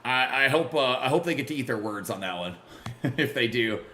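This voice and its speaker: Bright-voiced man chatting on a live stream. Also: mid-range voice, animated, brisk, echoey room, slight background noise. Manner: chatty, greets viewers and reacts loudly to plays. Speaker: livestream gamer. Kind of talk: casual live-stream chat.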